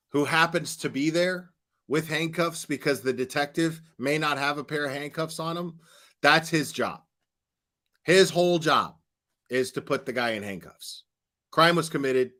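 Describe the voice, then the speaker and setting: A man's voice: a little high, sharp tone. A man hosting a casual reaction commentary, explaining points in a matter-of-fact, lecturing way. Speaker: commentary host.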